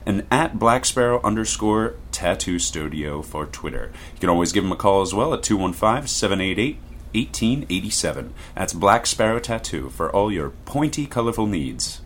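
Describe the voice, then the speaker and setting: Deep-voiced male ad announcer. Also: lively intonation, moderate pace, a little hiss or hum. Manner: booming pitchman delivery. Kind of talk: scripted radio-style ad read.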